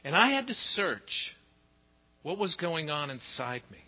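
A middle-aged man preaching a sermon, telling stories with big swings in pitch and loudness. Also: a little slow. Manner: expressive storytelling, pitch and volume swing widely. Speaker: pastor. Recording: dull sound with long hall reverb.

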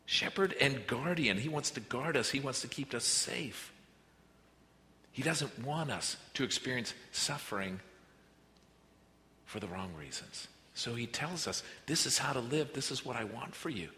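A man preaching a sermon as pastor, earnest, moving between quiet reflective passages and emphatic rises. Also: mid-range voice, animated, measured pace. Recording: reverberant hall with faint noise.

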